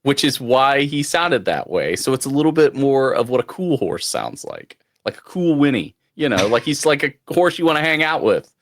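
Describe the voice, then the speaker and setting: Lively, teasing male dungeon master. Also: mid-range voice, moderate pace, hardly any pauses. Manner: playful, teasing. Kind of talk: game narration and banter.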